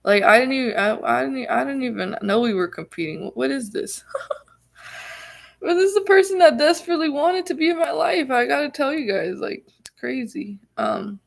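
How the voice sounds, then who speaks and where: Chatty young woman with a gravelly voice. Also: high voice, expressive, brisk. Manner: chatty, full of "like" and restarts, laughs often. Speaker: vlogger. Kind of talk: casual storytelling to viewers.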